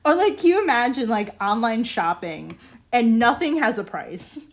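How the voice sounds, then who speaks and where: This high-voiced young woman talks at a normal speed while streaming her ceramics work. Her storytelling is lively and casual, packed with "like"s and laughter, and she comes across as exasperated and incredulous.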